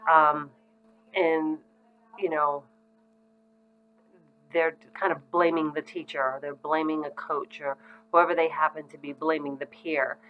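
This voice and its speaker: A woman's voice: low voice, narrow, tinny audio. A middle-aged woman giving parents advice in a casual, conversational way, with frequent ums. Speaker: parenting educator. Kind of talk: casual instructional talk to parents.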